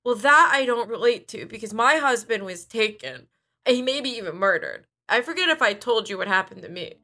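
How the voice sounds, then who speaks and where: A woman's voice: a little high, animated, a little fast, bright, forceful tone. A woman playing a clueless, self-centered podcast host who rambles with lots of fillers in an improvised comedy podcast. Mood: rambling. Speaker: podcast host playing a true crime dummy.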